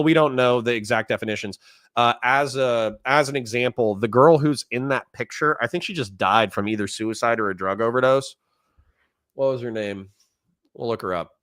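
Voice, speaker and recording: A man's voice: medium pitch, fairly bright tone, no room sound, studio quality. A man hosting a political livestream, ranting in a heated, indignant way, swearing often and then apologizing while he reads chat messages aloud. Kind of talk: casual livestream commentary.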